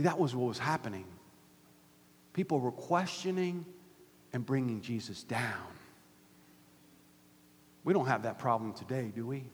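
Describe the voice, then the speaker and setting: A man preaching a sermon as pastor, swinging from loud emphatic peaks to hushed near-whispers. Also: mid-range voice. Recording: hall reverb.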